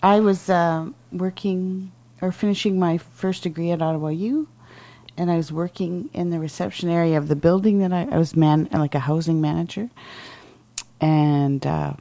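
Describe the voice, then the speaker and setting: A woman co-hosts a casual chat, brisk and affirming, often chiming in with short agreements. Her voice is low and mellow. The recording is close and dry. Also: steady tone, creaky, no echo. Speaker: co-host.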